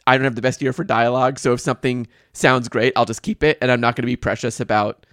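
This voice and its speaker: A woman's voice: a bass voice, steady tone, fast talker, dry recording, studio quality. A woman co-hosting a podcast, recapping a movie in casual, sarcastic chat and laughing often. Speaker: podcast co-host.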